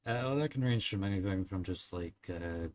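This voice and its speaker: A man's voice: deep voice, a little mellow. Giggly rambling young male streamer. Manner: rambling, giggly, many fillers and small verbal tics. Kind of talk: casual chat with live chat.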